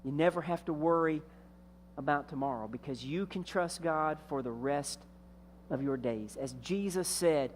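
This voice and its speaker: A man preaching a sermon as senior pastor. He tells a story, drawing out key words and letting phrases trail off softly. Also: fairly high pitch, moderate pace, a little hiss or hum.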